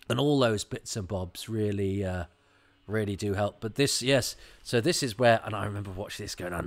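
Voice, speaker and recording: A man giving a chatty, rambling watch-along commentary on an episode, full of restarts and animated asides. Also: fairly low pitch, normal speed.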